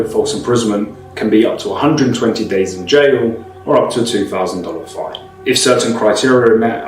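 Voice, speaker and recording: A man giving measured, disapproving commentary that explains the law, in the manner of a reaction video. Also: on the low side, a little mellow. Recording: roomy, distant mic, faint music.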